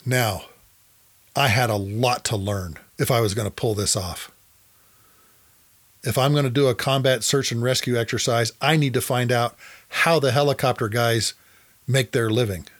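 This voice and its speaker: A man's voice: mid-range voice, steady tone, moderate pace, pauses often, a bit bright. A middle-aged man hosting a podcast, telling a first-person story from his flying career and acting out the dialogue along the way. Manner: acts out dialogue in his anecdotes. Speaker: podcast host, former fighter pilot.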